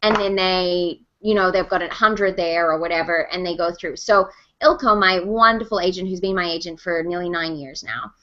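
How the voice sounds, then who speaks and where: Bright chatty woman on a call. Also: on the low side, lo-fi sound. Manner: chatty, animated storyteller, quick laughs. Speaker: voice actor and host. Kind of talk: casual interview chat.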